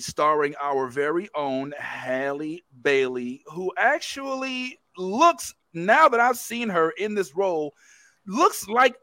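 High, bright-voiced man hosting. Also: no echo. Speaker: host. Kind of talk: casual chat.

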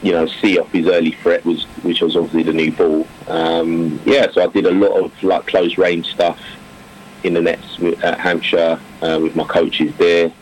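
A man's voice: sits low, flat delivery, normal speed, a little hiss or hum, rough recording. A man, a cricketer who now coaches, answering interview questions in a loose, rambling way full of fillers and restarts. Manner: rambling, many fillers and restarts, warm laughter.

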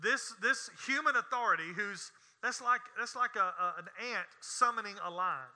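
A man's voice: sits high, moderate pace, pushed and bright. A man preaching a sermon in a folksy, emphatic way, with scornful asides. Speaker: pastor.

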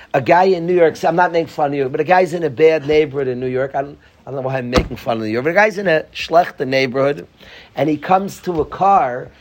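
A man giving an informal, joking Torah talk to a small group, repeating his key phrases with animation. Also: on the high side. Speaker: Torah teacher.

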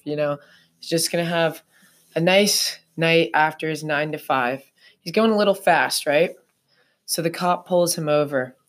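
A young woman in casual podcast chat, telling a rambling story with lots of fillers. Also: deep voice.

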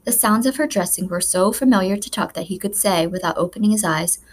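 A woman reading a children's novel aloud as a narrator, with measured, expressive storytelling. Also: mid-range voice. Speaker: audiobook narrator. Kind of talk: scripted narration.

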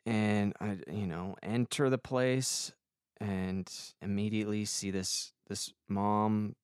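Young male podcast host, rambling and profane, smooth clear voice, dry close sound. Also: low voice, dry recording. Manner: rambling, swears a lot, self-deprecating. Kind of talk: casual comic monologue.

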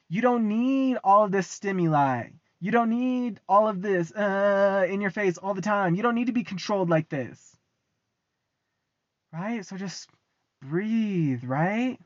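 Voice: mid-range voice, no room sound. A young adult with an American accent, delivering a casual ranting monologue to the camera. They swear freely, repeat phrases for emphasis, and laugh often. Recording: dull, lo-fi, dry sound.

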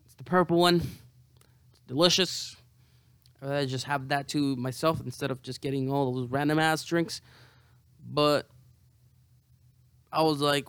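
Slow-talking hungover young man. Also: on the high side, fairly even intonation, a bit bright, smooth, dry recording, studio quality. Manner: profane, rambling, self-mocking. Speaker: vlogger. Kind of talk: casual monologue to camera.

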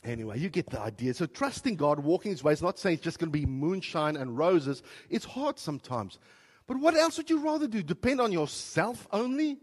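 A man from South Africa preaching a sermon as a pastor, telling a personal story and swinging from soft, quiet passages to loud, emotional outbursts. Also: on the high side, sing-song, a little fast, slightly rough, big-room sound. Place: church.

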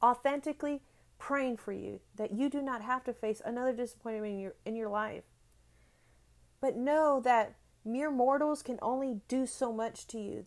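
A woman hosting a devotional podcast, speaking earnestly and from the heart, repeating phrases for emphasis and growing louder when she reads scripture. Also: medium pitch. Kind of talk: devotional encouragement talk.

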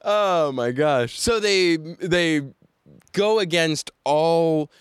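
A sarcastic, chatty man sitting in as a podcast guest, his voice a little higher than most men's. He laughs often, and the sound is dry and close to the mic. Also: drawn-out words, clean tone, no room sound. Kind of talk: casual chat.

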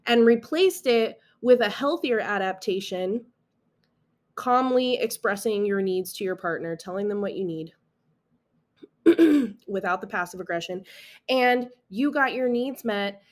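A woman's voice: mid-range voice, expressive, unhurried. Earnest, reassuring woman podcast host. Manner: earnest, reassuring, many restarts and "right?" asides. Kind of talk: casual solo podcast talk.

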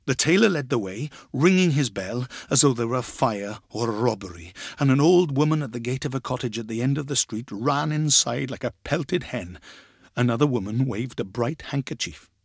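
A man gives an expressive dramatic reading of a story, acting out the voices. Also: medium pitch, moderate pace, gravelly, husky, no room sound, studio quality. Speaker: reader.

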